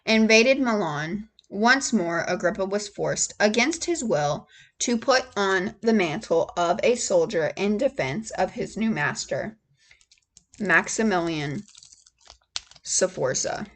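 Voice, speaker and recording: A woman reads aloud softly in a whispered role-play ASMR style. She goes at a very unhurried pace, pausing often. When a name trips her up, she spells it out letter by letter. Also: mid-range voice, lively intonation. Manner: slow halting reading, spells out hard words letter by letter; gets emotional and laughs between passages. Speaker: ASMR host reading aloud.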